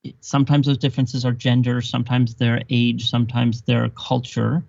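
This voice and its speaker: A man's voice: mid-range voice, completely flat delivery, normal speed, vocal fry, darkish tone, no echo. A man as a podcast guest, making his points emphatically with chains of rhetorical questions. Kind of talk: explanatory conversation. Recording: dull dry lo-fi sound.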